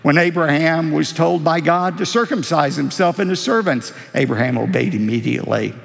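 A man preaching a sermon as pastor, with expressive, emphatic delivery that rises on key lines. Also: fairly high pitch, moderate pace, gravelly. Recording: reverberant hall.

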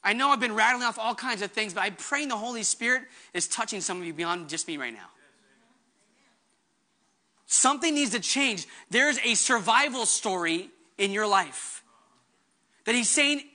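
Male pastor, sermon delivery, high-pitched and earnest, fervent with quick asides. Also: lively intonation, bright, forceful tone.

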